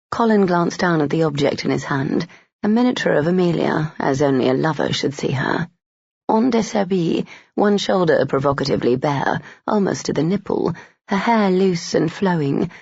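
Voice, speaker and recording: An audiobook narrator reading a romance novel in a measured storytelling manner. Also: mid-range voice, vocal fry, a little mellow, husky, dry recording, highs cut off.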